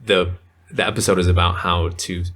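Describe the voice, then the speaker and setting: A man's voice: sits low, little pitch movement, normal speed, a bit bright. A man talking as a podcast guest in casual, rambling conversation, full of fillers. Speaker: podcast guest, men's coach.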